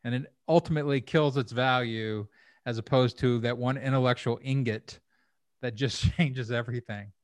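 A man's voice: medium pitch, fairly even intonation, normal speed, dry recording. Chatty man with a dry close sound. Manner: rambling, repeats words, thinks aloud. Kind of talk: conversational interview.

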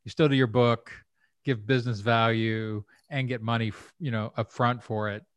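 A man talking through ideas in a loose, rambling way, with frequent restarts. His voice sits at an ordinary pitch. The recording is dry and close, with no room sound. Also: steady tone, normal speed, clean tone, no echo. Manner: rambling, repeats words, thinks aloud. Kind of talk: conversational interview.

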